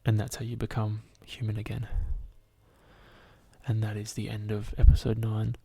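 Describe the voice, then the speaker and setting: This solo podcast host has a low-leaning voice with vocal fry and a breathy edge, delivered at a moderate pace. He rants and tells stories animatedly to the listener, swearing heavily and saying "like" constantly.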